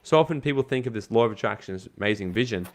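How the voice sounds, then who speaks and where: A man's voice: fairly low pitch, lively intonation, racing, a little hiss or hum. A man speaking as a guest in an interview, giving emphatic, casual motivational advice and swearing now and then. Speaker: guest, network marketing coach.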